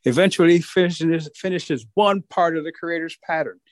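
Man telling a folktale, slightly high voice. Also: moderate pace, no room sound. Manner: rhythmic, repetitive, animated. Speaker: storyteller. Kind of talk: oral folktale storytelling.

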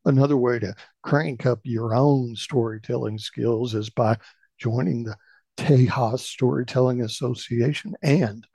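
A man's voice: medium pitch, creaky, warm tone, no room sound. A middle-aged man hosting a storytelling radio show, folksy and conversational.

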